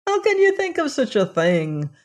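A storyteller giving voice to a curious, timid young male servant in a fairy tale read aloud, speaking slowly with a raised, pleading voice. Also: medium pitch, very animated.

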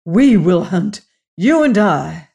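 A reader voicing a suave, menacing aristocratic Cossack general in an audiobook, with courtly, unhurried, drawn-out phrasing. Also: medium pitch, sing-song, vocal fry, a little mellow, heavily acted. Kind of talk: audiobook character reading.

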